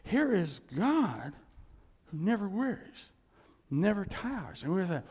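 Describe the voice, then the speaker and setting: Male pastor mid-sermon, high and lively pitch, animated with hushed asides, church hall reverb. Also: takes it slowly, breathy edge. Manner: animated preaching, acting out quoted voices, hushed asides.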